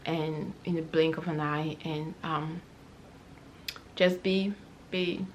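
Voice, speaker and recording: A woman's voice: deep voice, steady tone, slow, darkish tone, slight background noise. A woman vlogging to camera, telling a personal story in a heartfelt, rambling way with many fillers and restarts. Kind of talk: casual personal vlog story.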